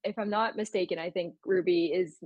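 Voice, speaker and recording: A woman co-hosting a casual fan discussion, hedging her opinions with many fillers and soft laughs. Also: lowish voice, steady tone, fairly quick, dry recording, highs cut off. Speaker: podcast co-host.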